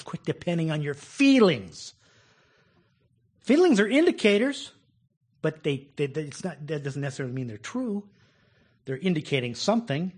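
A man preaches a conversational sermon, frequently chuckling and acting out people's complaints. His voice is fairly high and husky.

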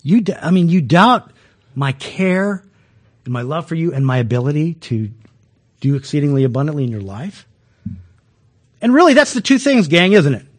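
A man gives a relaxed, conversational sermon in a high voice. He chuckles often and trips over restarts, talking to his listeners like friends. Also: moderate pace, long pauses. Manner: folksy, chuckling, many restarts. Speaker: preacher.

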